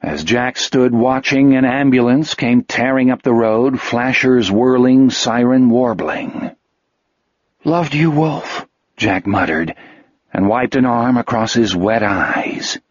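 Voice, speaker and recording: A man reading a novel aloud as narrator, in a measured, steady storytelling manner. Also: medium pitch, no room sound. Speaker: audiobook narrator. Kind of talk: scripted narration. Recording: dull, dry lo-fi audio.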